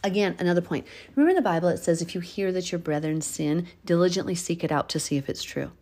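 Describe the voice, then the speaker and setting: Chatty woman teaching a Bible study. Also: fairly low pitch. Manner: chatty, laughs often, animated when stressing a point. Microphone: phone.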